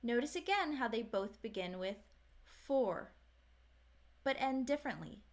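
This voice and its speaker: Female pronunciation teacher, American accent, slightly high voice, very slow and deliberate delivery. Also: sing-song. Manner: slow, careful, over-articulated modelling of words. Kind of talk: scripted pronunciation lesson.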